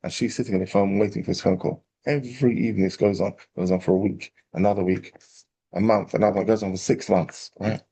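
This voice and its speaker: A man, a rabbi telling a parable in a lively storytelling class. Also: on the low side, fast, gravelly, husky. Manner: animated storyteller, acting out quotes.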